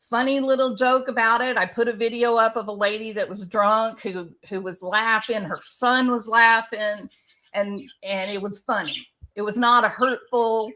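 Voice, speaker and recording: A woman's voice: a little high, a bit bright. A woman commentator giving a defensive, ranting monologue to her viewers, often repeating herself. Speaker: online commentator.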